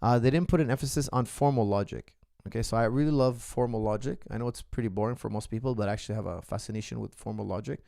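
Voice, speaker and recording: A man's voice: medium pitch, fast talker, creaky, dark tone, no echo, clean studio sound. A middle-aged man, a martial arts coach, answering viewer questions in an earnest, philosophical casual monologue. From the West.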